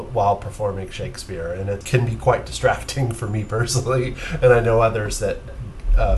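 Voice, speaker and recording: A man's voice: on the low side, slight background noise. A man conducting an interview, mostly giving brief acknowledgements and asking questions. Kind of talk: casual interview.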